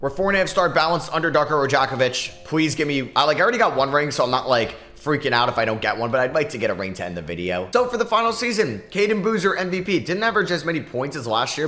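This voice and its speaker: A young man giving excitable, quick commentary on his own basketball video game, talking to himself as he plays. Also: mid-range voice. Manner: excitable, talks to himself while playing. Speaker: gaming YouTuber.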